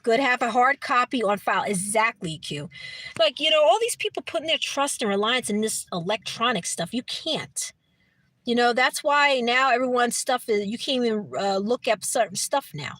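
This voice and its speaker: A woman's voice: fairly high pitch, animated, normal speed, fairly bright tone, no room sound. A middle-aged woman from Brooklyn with a New York accent, chatting casually with viewers, rambling with restarts and laughing often. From Brooklyn, New York City. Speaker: livestream host reading chat. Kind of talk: casual chat.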